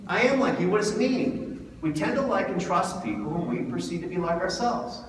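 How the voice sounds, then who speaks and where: A man giving a lively seminar talk, asking the audience questions, recorded from far off in a hall. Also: high voice, brisk, a little hiss or hum. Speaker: speaker.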